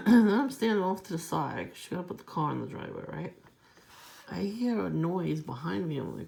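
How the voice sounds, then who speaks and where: Woman, heavy vocal fry, gravelly, rambling and profane, casual vlog monologue. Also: deep voice, very animated, brisk, a little mellow. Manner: rambling, profane, aggrieved storytelling. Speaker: vlogger.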